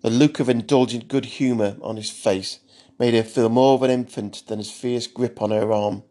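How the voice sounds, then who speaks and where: A man narrating a thriller story in a measured, steady audiobook style. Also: medium pitch.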